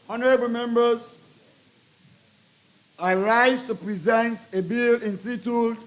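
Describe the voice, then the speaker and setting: A man with a Sierra Leonean accent, chairing a legislative committee and presenting a bill to parliament in a formal, deliberate address read in short phrases. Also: very high-pitched, fairly bright tone, rough recording. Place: parliament chamber.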